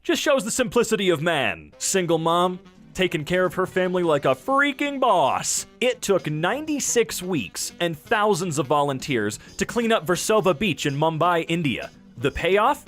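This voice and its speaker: A man's voice: sits high, sing-song, normal speed, a bit bright, faint music behind. A young man reads posts aloud and reacts with playful, wisecracking asides. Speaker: YouTuber reading Reddit posts.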